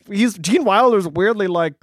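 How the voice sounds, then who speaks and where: A young adult man with a higher-pitched voice co-hosts a podcast, chatting casually and laughing often. The sound is clean studio quality with no echo.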